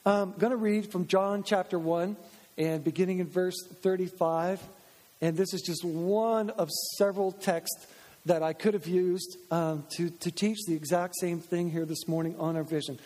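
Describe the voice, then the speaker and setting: A man preaching a sermon as pastor, energetic and repetitive, restating his points for emphasis. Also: high-pitched, normal speed, in a large hall. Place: church sanctuary.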